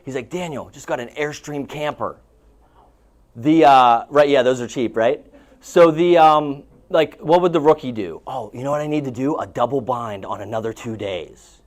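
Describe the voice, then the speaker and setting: A man coaching real estate agents at a live seminar, telling stories in a chatty way and asking the audience questions. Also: fairly high pitch. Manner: chatty storytelling, asks the room questions.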